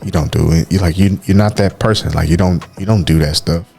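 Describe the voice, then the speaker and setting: A man with a very deep, low voice speaks with earnest, heartfelt candor as a podcast co-host. He opens up about personal matters and keeps calling the listener "man". Soft music sits faintly in the background. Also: fairly even intonation, a little fast, creaky. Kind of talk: candid personal talk.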